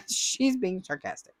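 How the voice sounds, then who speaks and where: A chatty woman hosting a crafting channel and reading viewer comments aloud. Her pitch jumps around a lot as she trades playful, teasing asides. The sound is close and dry, with no room echo. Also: a bit bright.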